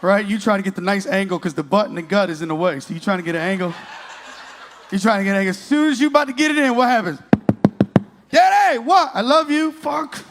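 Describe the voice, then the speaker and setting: A man's voice: high voice, racing, a bit bright, slight background noise. A man in his late thirties doing a crude, profane stand-up comedy set on a comedy club stage, working the crowd. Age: 30s.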